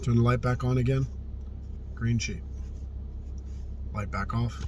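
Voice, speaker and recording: A man telling a personal story in casual spoken style, earnest and often hushed, swearing freely and repeating phrases for emphasis. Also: medium pitch, steady tone, unhurried, a little hiss or hum. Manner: often drops to a hushed, subdued tone.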